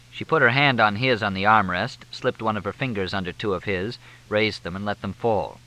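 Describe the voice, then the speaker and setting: A man narrating a novel in measured, even storytelling. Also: fairly low pitch, poor audio. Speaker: audiobook narrator. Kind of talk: scripted narration.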